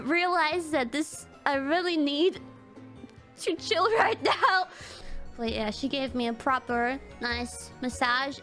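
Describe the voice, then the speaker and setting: A high-pitched woman streamer tells a personal story in a loose, rambling way. She leans on fillers, swears freely and breaks into nervous little laughs. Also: a bit bright. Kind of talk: casual storytelling on a livestream.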